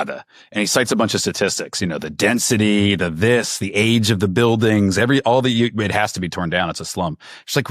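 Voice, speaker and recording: A man being interviewed, telling stories in a lively, conversational way and acting out the people he quotes. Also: on the low side, fast, hardly any pauses, no echo, studio quality. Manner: animated storytelling, acts out quoted people. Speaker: author and reporter, guest.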